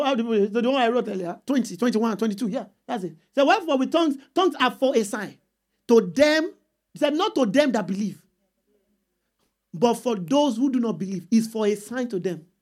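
A woman preaching a sermon, repeating points and calling for answers from the congregation. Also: high voice. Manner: call-and-response with the congregation, emphatic repeats.

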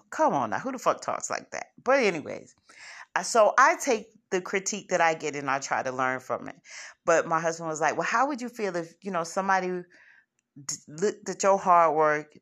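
A woman author hosting her own podcast, talking bluntly and profanely in a casual monologue, acting out quoted voices as she goes. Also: on the low side. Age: adult with kids. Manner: blunt, profane, animated storytelling with quoted asides. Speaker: podcast host and self-published author.

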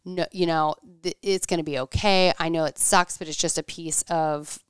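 A woman's voice: low-pitched, steady tone, normal speed, clean tone, dry recording, clean studio sound. A woman in her thirties in casual chat, telling a story animatedly, acting out quotes and saying "like" a lot.

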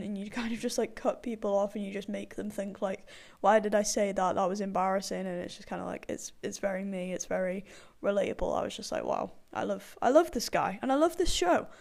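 A young woman rambling in a casual chat, full of fillers and frequent laughter. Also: mid-range voice. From partially Irish background.

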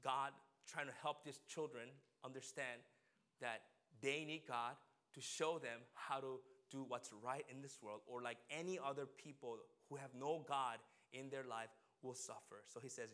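A man's voice: medium pitch, steady tone, unhurried, a bit bright. A man preaching a conversational sermon, chatting with the congregation and asking people questions by name. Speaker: pastor.

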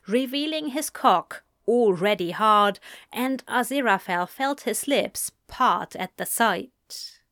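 A woman reading a story aloud in slow, even audiobook-style narration into a close mic. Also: mid-range voice, no room sound.

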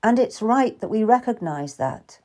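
A woman reading the lines of a calm, tender young Tudor man who is courting, in an audiobook. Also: fairly high pitch, moderate pace. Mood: earnest. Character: young Tudor man, earnest gentle suitor.

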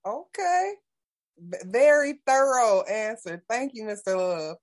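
A woman's voice: a little high, expressive, slow. A woman co-hosting an interview show, asking short questions with brief encouraging prompts. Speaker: co-host. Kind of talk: interview host.

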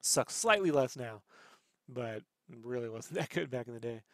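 A man's voice: mid-range voice, lively intonation, normal speed, no room sound, clean studio sound. A man hosting a casual chat, telling rambling stories full of swearing. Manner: rambling, profane storytelling. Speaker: podcast host.

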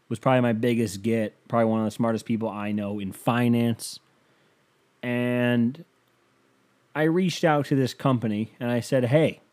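A man's voice: medium pitch, darkish tone. Man hyping a crude comedic ad read. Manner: joking, crude, hyped-up salesman patter. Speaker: podcast host. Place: home bedroom.

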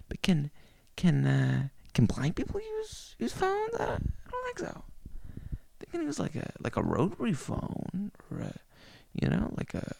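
A man hosting a podcast as a crude, rambling comic monologue from his bedroom, repeating words and swooping up in pitch, into a stand-up microphone. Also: vocal fry, darkish tone, no room sound. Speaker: podcast host. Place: bedroom at home.

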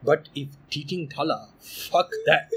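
A man putting on a mock Indian accent to play a calm old male holy teacher who speaks in slow, solemn, broken phrases. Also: fairly high pitch, slightly rough, heavily acted, rough recording.

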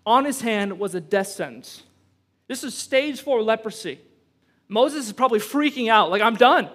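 A man's voice: high voice, lively intonation, normal speed. A man pastor preaching a sermon, reading scripture and then making emphatic points with conversational asides to the congregation. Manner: emphatic, rising to loud peaks on key points.

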